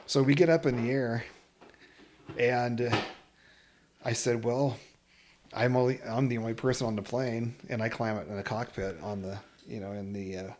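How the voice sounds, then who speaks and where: A man's voice: mid-range voice, background noise. A man telling a travel story in casual conversation, laughing and acting out other people's lines.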